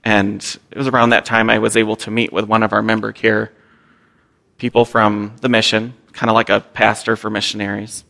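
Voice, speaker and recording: A man's voice: lowish voice, little pitch movement, fairly quick, vocal fry, bright, forceful tone. A young man, a missionary, giving a candid and earnest personal testimony to a church, with some self-deprecating humor.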